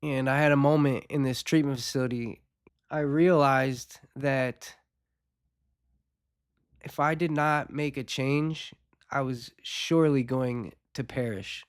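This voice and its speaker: A man of middle pitch speaks with a congested, nasal tone left over from a recent cold. He hosts his own show and talks in a candid, unhurried way, dropping soft rueful laughs between his thoughts. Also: fairly even intonation, dry recording, clean studio sound. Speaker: podcast host. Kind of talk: reflective personal talk on addiction recovery.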